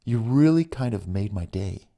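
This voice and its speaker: A man's voice: fairly low pitch, lively intonation, moderate pace, vocal fry, mellow. A man voicing a chatty, eager young woman on a phone date in an audiobook. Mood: excited. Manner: bubbly, chatty. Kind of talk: audiobook reading.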